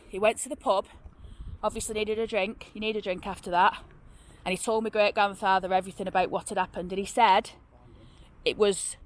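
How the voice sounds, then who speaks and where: A woman with a Northern English accent, telling local ghost stories in a rambling, chatty way outdoors, with many fillers and restarts. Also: medium pitch. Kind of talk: casual storytelling on location. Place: outdoors by a road.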